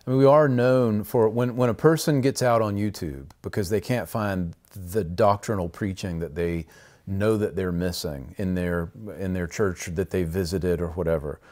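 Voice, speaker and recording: A man's voice: deep voice, normal speed, darkish tone. A man co-hosting a podcast, talking in a casual, rambling way with frequent restarts. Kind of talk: casual conversational podcast talk.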